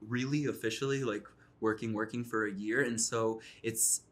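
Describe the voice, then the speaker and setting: A young man with a fairly low-pitched voice, talking through an interview in a loose, easygoing way. He is a cast member on a reality series, and his sentences keep circling back through "like" and "you know". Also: steady tone, moderate pace, a bit bright. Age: young adult. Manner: chatty, leans on "like" and "you know". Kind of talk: casual interview chat.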